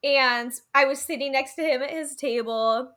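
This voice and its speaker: Young woman co-host, animated chatter, sharp bright voice. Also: high-pitched, moderate pace. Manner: animated, exclaims and laughs along. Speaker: podcast co-host. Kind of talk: casual chat.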